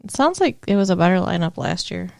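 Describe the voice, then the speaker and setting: Teasing woman with a gravelly voice. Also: lowish voice, sing-song. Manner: teasing, quick to react. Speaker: podcast co-host. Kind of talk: comedic podcast chat.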